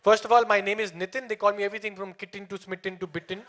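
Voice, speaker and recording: A young man doing stand-up comedy, teasing the crowd and jumping into quick character voices. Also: high-pitched, level tone, a bit bright. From India. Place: comedy show stage before a live audience.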